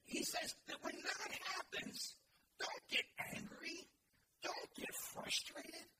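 A man preaching a sermon to a congregation in a church, leading call-and-response and building to shouted emphasis. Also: very high-pitched, huge pitch swings, slow. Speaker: pastor. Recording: echoey, distant and noisy room recording.

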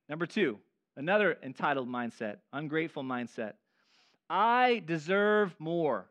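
A man preaching a sermon as pastor, animated and acting out the voices of people he quotes. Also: high-pitched.

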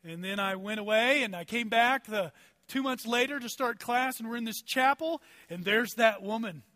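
High, bright-voiced storytelling preacher man. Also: moderate pace, dry recording, studio quality. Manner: animated, builds through rhetorical questions; conversational, personal anecdotes. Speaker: pastor. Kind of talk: storytelling sermon.

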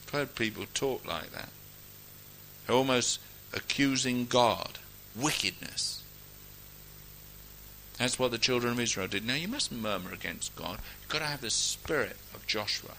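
Bright-voiced, lively man preaching a sermon. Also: mid-range voice, creaky, a little hiss or hum, low-quality recording. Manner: emphatic, exhorting, swings between loud declarations and quiet asides; reads scripture aloud in a ringing, measured cadence.

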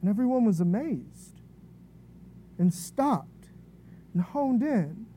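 A woman preaching a sermon in a relaxed, conversational way, telling an illustrative story and often checking in with "right?". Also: mid-range voice, takes it slowly, a little hiss or hum.

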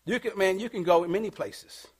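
Male pastor, high voice, sermon with call-and-response, soft passages building to shouted peaks. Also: a little fast, breathy edge. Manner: swings from hushed to shouting, call-and-response preaching. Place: church.

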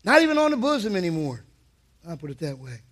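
A male pastor preaching at a weeknight church service, with a very high voice. His tone is bright and forceful, and he keeps his delivery emphatic, pushing up to shouts to drive his points home. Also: very animated, fast talker. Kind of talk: sermon.

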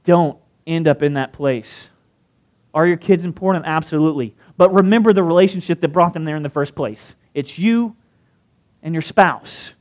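A man's voice: fairly high pitch, normal speed, darkish tone, muffled recording. A man giving a conversational sermon, often putting questions to his listeners. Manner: conversational, asks the crowd questions. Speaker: pastor.

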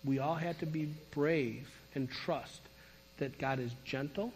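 A middle-aged man preaching a sermon, telling his story in an animated, emphatic way. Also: fairly high pitch, unhurried, husky. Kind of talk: sermon testimony. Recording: long reverb of a large hall.

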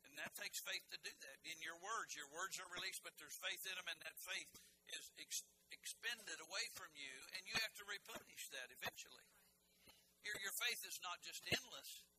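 A male pastor with a fairly high voice preaches in a loose, folksy way, breaking into joking asides and stumbling over restarts. The room behind him carries a clear hum of background noise. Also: moderate pace. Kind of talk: sermon.

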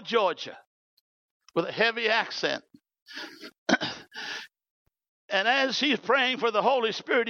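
A man from New Zealand with a New Zealand accent, preaching a sermon through animated storytelling. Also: sits high, gravelly, dry recording, muffled recording. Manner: animated, storytelling with acted quotes.

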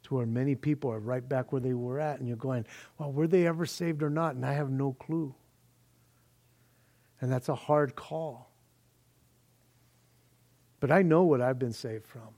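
A man's voice: medium pitch, steady tone, a little slow, long pauses, mellow. A male pastor giving a sermon in a folksy, conversational way, explaining his passage at length. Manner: folksy, conversational, says "man" often; explains word meanings in long lists.

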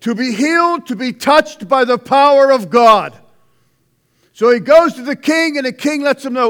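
A man preaching a conversational sermon, swinging between loud outbursts and hushed asides. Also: extremely high pitch, moderate pace. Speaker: pastor.

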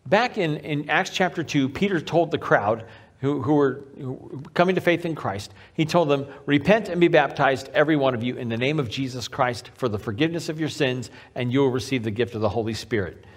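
A man preaching a sermon as pastor, repeating key phrases for emphasis and slowing down on the main points. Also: mid-range voice. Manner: varies pace, slowing on key lines.

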